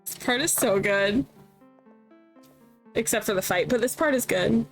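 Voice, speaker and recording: This thirties-aged woman streamer gives casual gameplay commentary, chatty and candid, reacting aloud as she goes. Her voice is fairly high and a little slow. The audio is poor, with faint music behind her.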